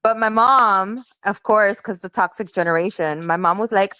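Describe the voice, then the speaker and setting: A woman's voice: medium pitch, moderate pace, hardly any pauses, no echo. A woman in her forties from Miami, chatting casually and animatedly in a group conversation. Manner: chatty, animated storytelling with laughs.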